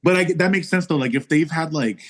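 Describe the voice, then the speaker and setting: A man's voice: fairly high pitch, brisk, a bit bright. A man guesting on a podcast, telling stories in a laid-back casual way. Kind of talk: casual chat.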